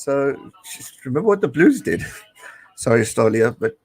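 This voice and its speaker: Excitable South African man cheering rugby. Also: mid-range voice, normal speed, low-quality recording. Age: late 20s. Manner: chatty, excitable, cheering at the screen. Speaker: live-stream host. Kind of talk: casual watch-along commentary.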